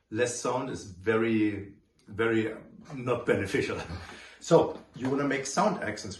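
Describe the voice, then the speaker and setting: Male trumpet professor, mid-pitched, scats rhythms mid-lesson; roomy echo. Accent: German. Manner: sings rhythms in syllables while explaining. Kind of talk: demonstrating instruction to students. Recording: roomy echoey room.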